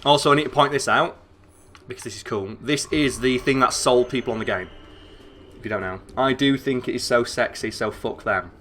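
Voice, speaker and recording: A young northern English man streams a game with loose, sweary, rambling chatter full of "like." His voice is bright and forceful at an ordinary middle pitch. Faint background noise sits under his talk. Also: a little fast. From northern England. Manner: excitable, sweary, rambling with frequent "like" fillers. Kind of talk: casual gameplay commentary.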